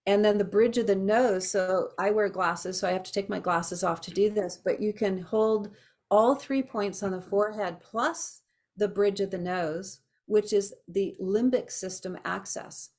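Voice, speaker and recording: A middle-aged woman teaching an empath class, chatty and animated, telling stories with asides. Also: mid-range voice, a little slow. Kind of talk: casual teaching to a small class.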